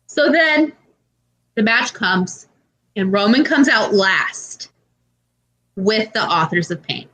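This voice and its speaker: Animated woman telling a story. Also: mid-range voice, slow pace, pauses often. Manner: animated storytelling, acts out quotes. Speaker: podcast co-host. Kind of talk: casual chat.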